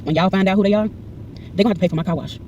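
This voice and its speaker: Woman, 40s, vlogger retelling a tense encounter; quick, heated delivery with a mellow tone. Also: mid-range voice, recorded from a distance, dull audio, a little hiss or hum. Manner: animated, acts out every exchange in quoted dialogue; heated and indignant when retelling. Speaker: vlogger recounting a personal incident. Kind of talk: casual storytelling to camera.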